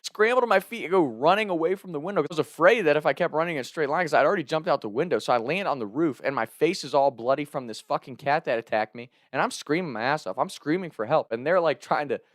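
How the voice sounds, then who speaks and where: A man telling a comic story on his vlog, animated and profane, laughing between lines, and turning earnest when he thanks his viewers. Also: fairly high pitch, fast, few pauses, no room sound, studio quality. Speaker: storyteller and content creator.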